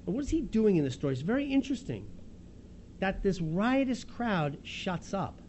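A man preaching a sermon, retelling a story in a lively, chuckling way as if he can see it happen. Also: high voice, a little hiss or hum. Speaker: pastor.

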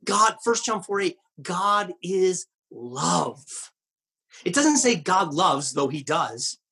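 A male pastor preaching a sermon in an earnest, emphatic way, with wry asides, slowing down and dropping low on key phrases. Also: expressive, bright, forceful tone, slightly rough.

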